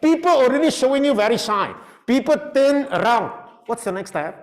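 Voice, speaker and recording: A man teaches his class. His voice sits high and leaps all over the place, and he keeps a playful, animated manner while mixing in Mandarin. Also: a little fast. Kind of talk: classroom lesson.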